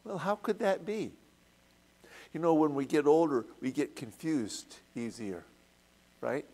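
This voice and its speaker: A man's voice: on the high side, animated, warm tone. A man leading a church Bible study, retelling the story in a conversational way and asking the group questions. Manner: unhurried, conversational storytelling with acted quotes.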